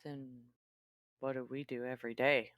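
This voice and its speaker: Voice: medium pitch, little pitch movement, no echo, dull audio, natural voice. A player voicing a stammering lone fighter woman. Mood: guarded. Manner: halting, stammering confession. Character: guarded lone female fighter. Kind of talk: tabletop role-play.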